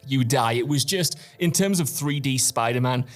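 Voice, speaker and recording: A British man hosting a casual gaming podcast, talking with animated, nostalgic enthusiasm. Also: mid-range voice, normal speed, faint music behind. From Britain. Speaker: podcast host.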